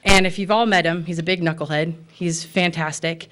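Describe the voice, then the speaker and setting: A woman's voice: lowish voice, steady tone, moderate pace, fairly bright tone. Impassioned American woman at public comment. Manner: impassioned, emotional, with fillers. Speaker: public commenter, pet store owner. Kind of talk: public comment at a city meeting. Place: city commission chamber.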